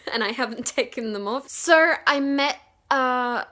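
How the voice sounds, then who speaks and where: Young woman, excitable storyteller, giggly, rambling fillers, slightly high-pitched, casual vlog. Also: slow pace. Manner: excitable, giggly, acts out quotes with bursts of loudness; rambling with many fillers and restarts. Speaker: vlogger.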